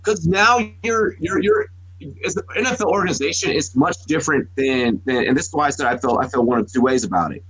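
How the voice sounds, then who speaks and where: A man's voice: fairly high pitch, expressive, brisk, fairly bright tone, breathy edge, no room sound, poor audio. A man in his thirties, a podcast co-host, telling rambling, profane stories in casual sports talk, full of restarts. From United States.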